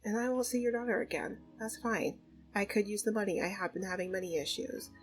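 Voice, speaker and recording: A woman's voice: medium pitch, brisk, soft background music, lightly acted. A woman voicing a selfish young man who answers grudgingly and defensively in a life-sim story. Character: sulky young adult man, selfish ex-boyfriend.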